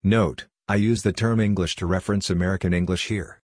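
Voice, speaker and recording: A man giving a scripted, measured explanation as a language explainer. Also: deep voice, fairly even intonation, a little mellow, no echo, clean studio sound. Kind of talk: scripted narration.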